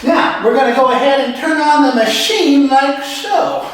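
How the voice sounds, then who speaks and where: Man doing a squeaky clumsy sewing host. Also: normal speed, fairly bright tone. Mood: chipper. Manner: squealing with laughter, yelping. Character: goofy male sewing-machine video host, clumsy and cheery. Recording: echoey room from far off.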